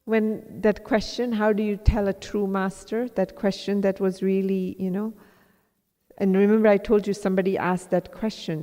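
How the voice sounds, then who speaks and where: Before a live audience, a spiritual teacher from India tells a personal story in a warm, medium-pitched voice. She is thoughtful and self-deprecating, voicing her own inner thoughts as asides, in a recording with long reverb from the hall.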